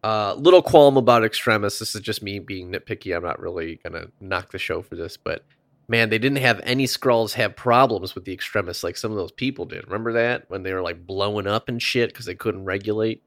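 A man with a fairly low voice co-hosts a podcast, recapping a TV episode from his notes in a loose, casual way. He laughs easily and tosses in offhand asides. The sound is close and dry, with almost no room. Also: brisk, a bit bright, no echo. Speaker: podcast co-host.

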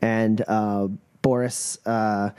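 Slow, hesitant male game master. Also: lowish voice, little pitch movement, a little mellow, smooth. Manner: hesitant, full of "uh" and "like". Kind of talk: narrating a tabletop game.

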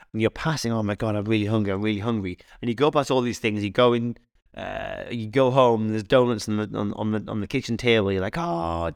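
A male fitness coach co-hosting a casual podcast, chatting in an animated, rambling way full of anecdotes and restarts. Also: fairly low pitch, clear, resonant tone, dry recording, clean studio sound.

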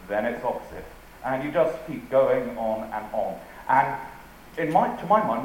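Speaking to a live audience in a hall full of echo and faint ambience, a man from England delivers a witty, dry, playful talk about rhetoric, stressing the quotes he recites. His voice is mid-range and somewhat mellow, with slight background noise.

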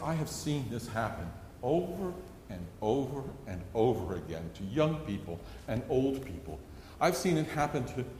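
Pastor with a lively, echoing voice. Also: male voice, mid-range voice, a little hiss or hum. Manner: earnest storytelling, acts out a child's pleading. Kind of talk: sermon. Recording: echoey hall with long reverb.

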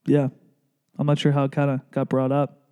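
A podcast co-host with a clear, resonant, mid-range voice talks fairly quickly in a casual chat. He's an animated storyteller, telling funny stories and acting out the drivers and friends in them.

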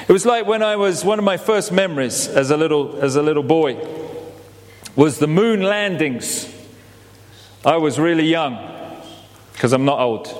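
A man preaching a sermon, telling it as an animated story and acting out the quotes. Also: high voice. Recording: long hall reverb.

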